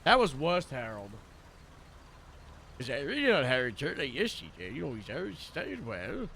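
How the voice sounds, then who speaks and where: Young male streamer, bright gravelly voice, animated and casual. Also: mid-range voice, normal speed, slight background noise. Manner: laughing, loose, swearing. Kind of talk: casual chat over game radio.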